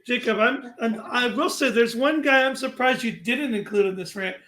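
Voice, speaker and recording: A man with a very high voice rails against a coach in heated sports talk. He is fired up and indignant and raises his voice to a shout at times. His tone is bright and sharp. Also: normal speed. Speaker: sports talk show co-host.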